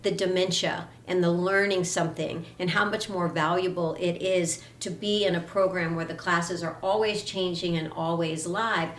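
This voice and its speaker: A woman fitness instructor introducing a live online class in a warm, chatty way. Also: fairly low pitch, steady tone, moderate pace, few pauses, echoey room, a little hiss or hum.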